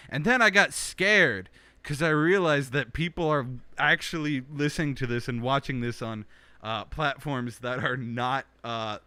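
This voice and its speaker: A man's voice: medium pitch, fairly even intonation, moderate pace, pushed and bright, smooth, no room sound. A young man hosting his own web show, rambling through a joking, self-deprecating monologue with lots of restarts, recorded on a studio microphone. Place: small indoor home studio.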